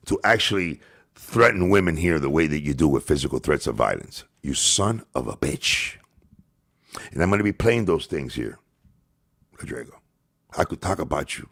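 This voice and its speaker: A man's voice: extremely low pitch, a bit bright. A man hosting a livestream, ranting and taunting his rivals with profane insults. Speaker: livestream host.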